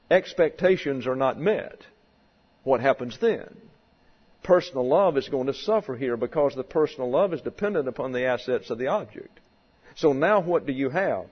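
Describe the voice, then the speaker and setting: A male pastor delivers a sermon in a slow, deliberate teaching manner, leaning on key words. His mid-pitched voice rings out with a long reverb, as if filling a large sanctuary. The recording has a muffled, lo-fi quality. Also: breathy edge. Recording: dull lo-fi sound in a long-reverb hall.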